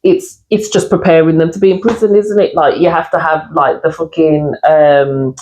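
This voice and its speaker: A woman co-hosting a podcast, talking casually with lots of fillers and quick laughs. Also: low voice, fairly even intonation, a little mellow, poor audio. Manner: chatty, many fillers and laughs. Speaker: podcast co-host. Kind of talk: casual discussion.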